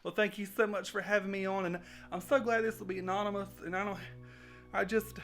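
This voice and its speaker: A man's voice: high voice, level tone, fairly quick, fairly bright tone, faint music behind. A man playing a nervous, rambling servant who tells his tale in a comic skit. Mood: sheepish.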